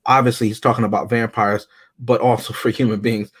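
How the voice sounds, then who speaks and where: A man's voice: mid-range voice, level tone, a little fast, breathy edge. A man co-hosting a casual film review chat, talking in a reflective, rambling way. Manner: reflective, rambling, reads quotes aloud.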